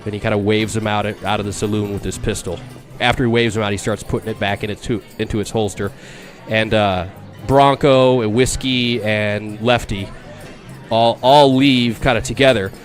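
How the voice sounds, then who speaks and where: A man narrating a tabletop game as game master, casual and halting, often repeating words. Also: lowish voice, steady tone, faint music behind.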